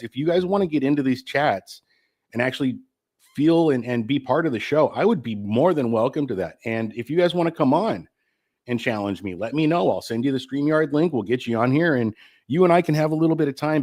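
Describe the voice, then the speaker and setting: Middle-aged guy getting over the flu, short of breath, rambling casually on his live stream and swearing a lot, average pitch. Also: a little mellow. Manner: rambling, candid, swears freely. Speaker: host of his own weekly show.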